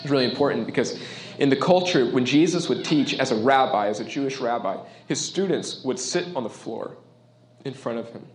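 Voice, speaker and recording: A man's voice: medium pitch, lively intonation, fairly quick. A man preaching a sermon as a pastor, talking in a conversational, emphatic way and often checking in with his listeners. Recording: roomy echo.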